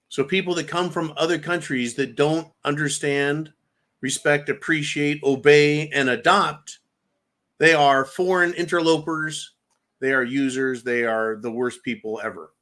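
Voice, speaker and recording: A man hosting a live show and answering viewer comments. His voice sits on the higher side, and he talks bluntly and swears freely. He rambles and piles up long lists of names and places. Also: a bit bright. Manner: rambling, with lists and repeated words. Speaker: livestream host.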